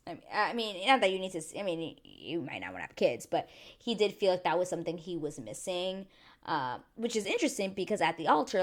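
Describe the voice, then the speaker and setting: A woman giving a chatty, animated recap to her channel viewers, acting out quotes as she goes. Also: on the low side. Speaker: YouTube reviewer. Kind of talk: casual recap monologue.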